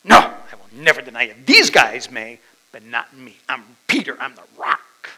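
A man's voice: mid-range voice, normal speed, bright, forceful tone, low-quality recording. A man playing an impulsive, boastful fisherman apostle who protests insistently, within a sermon.

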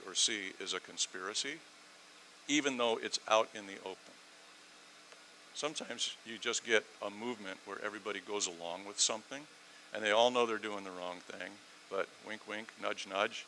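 A man preaching a sermon, animated, swinging from loud emphatic lines to quiet asides, with sarcastic rhetorical questions. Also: lowish voice, a little hiss or hum, rough recording.

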